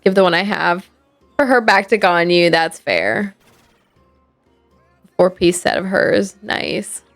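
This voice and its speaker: A woman with a fairly low, animated voice speaks slowly as she streams a game. Her chat is casual and sleepy, wandering with fillers and restarts. Faint game music can be heard behind her.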